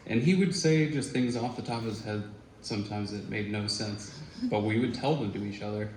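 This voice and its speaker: A man, a former student, telling casual stories at a memorial tribute, talking conversationally with fillers and quoted voices. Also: fairly low pitch. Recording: echoey room with faint noise.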